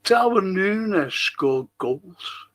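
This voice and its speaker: A man speaking on a fan live chat at a slow, deliberate pace, arguing his case and mocking the views of others. His voice sits a little high for a man. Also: lively intonation, a bit bright. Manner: argumentative, mocks others' opinions.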